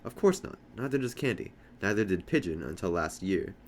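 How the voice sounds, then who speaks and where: A man's voice: low voice, expressive, brisk, a little hiss or hum. A man reading the part of a stubborn, sulky preteen boy in a novel, blunt in manner.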